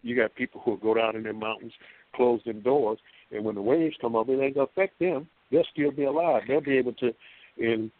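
A man with a mid-range voice speaks fairly quickly as a phone-in guest on a call-in radio show. He's folksy and rambling, full of filler words and false starts, and the audio has no echo.

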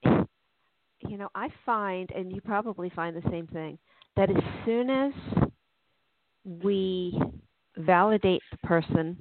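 A podcast host asking open questions and sharing reflections in a relaxed conversational way. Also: mid-range voice, slow, no echo. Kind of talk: conversational interview. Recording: dry, tinny phone-like sound.

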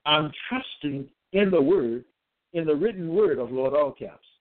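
A man's voice: a little high, lively intonation, measured pace. Man preaching over a tinny line. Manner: reads verses aloud and comments on each; repeats phrases and checks in with "okay?". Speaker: self-styled preacher. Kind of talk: solo religious monologue reading scripture. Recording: tinny phone-like sound.

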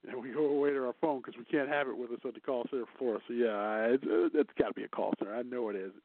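A man's voice: mid-range voice, sing-song, fast talker, gravelly. A man co-hosting a casual news chat show, chatty and teasing, laughing often. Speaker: co-host. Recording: dry, tinny phone-like line.

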